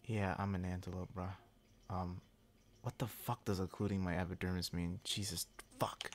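A man giving casual, profane gameplay commentary, swinging between low mumbling and excited yelps. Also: moderate pace. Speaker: game streamer.

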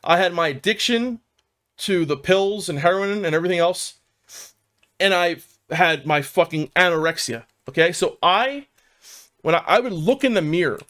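With a fairly high, slightly bright voice, a man from South Philadelphia, USA, vlogs a casual account of his own recovery. He's a rambling, foul-mouthed Philly guy whose filler words are "man" and "dude."

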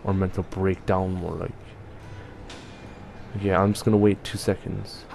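A man's voice: low-pitched, flat delivery, unhurried, creaky, darkish tone, a little hiss or hum. A young man playing a horror game and commenting to viewers, jumpy and swearing often. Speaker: gaming youtuber. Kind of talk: let's play commentary.

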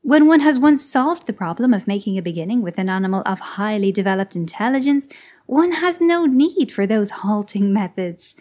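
A woman's voice: medium pitch, animated, normal speed, a little mellow, close to an everyday voice. A woman voicing a patient, self-satisfied male scientist who lectures in a read-aloud story. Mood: lecturing.

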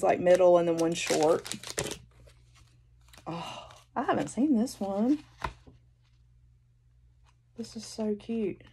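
Southern lady vlogging at home, kinda gravelly, takes her time, calls everyone y'all. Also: medium pitch, dark tone, slight background noise. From North Carolina, US. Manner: gushing, exclamatory, addresses viewers as y'all. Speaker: haul vlogger. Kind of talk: casual unboxing chat. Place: indoors at home, seated in a chair. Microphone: phone.

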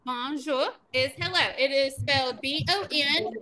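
A woman teacher leading a lesson for children, upbeat and encouraging, modeling words slowly and clearly. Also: high voice, sharp tone, a little hiss or hum.

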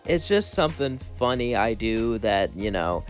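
A man's voice: on the low side, sing-song, unhurried, faint music behind. Chatty young man narrating a story. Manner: rambling, chatty, giggly. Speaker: channel host.

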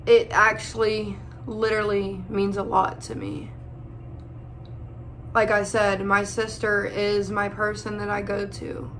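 Slow, tearful young woman vlogger. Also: medium pitch, completely flat delivery, fairly bright tone, slight background noise. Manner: tearful, holding back crying, pausing often; addresses viewers as y'all. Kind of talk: emotional personal vlog.

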